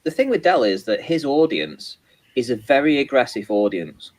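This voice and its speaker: A man talks casually on a live stream, his sentences stopping and restarting as he works through his point. His voice sits at an ordinary middle pitch. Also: very animated, low-quality recording. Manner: rambling, halting, many restarts and fillers. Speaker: co-host of a live chat stream. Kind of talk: casual chat.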